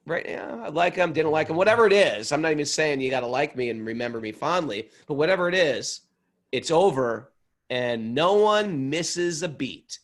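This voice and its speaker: A man leading a casual scripture class, animated and joking, sometimes acting out little voices. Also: fairly high pitch, moderate pace. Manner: animated, jokey, acts out voices. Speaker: spiritual teacher.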